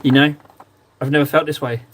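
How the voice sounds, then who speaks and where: A man's voice: a little high, steady tone, fairly quick, a little hiss or hum. A young man hosting a livestream, chatting casually and teasing his viewers in a playful, joking way while he paints miniatures. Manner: playful, teasing banter with chat. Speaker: livestream host.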